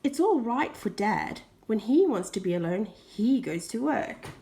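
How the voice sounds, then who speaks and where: A woman reading a children's picture book aloud, expressive, with soft whispered asides. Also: a little high, unhurried, vocal fry. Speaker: storybook reader.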